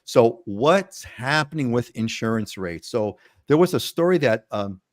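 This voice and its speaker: A man's voice: medium pitch, expressive, a little slow, no room sound, clean studio sound. A man in his fifties hosting a live panel show, chatting casually and rambling with frequent restarts. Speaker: host.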